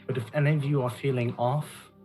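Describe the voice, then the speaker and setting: Player in character, steady mid voice, faint music. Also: mid-range voice, brisk, poor audio. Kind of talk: in-character tabletop role-play.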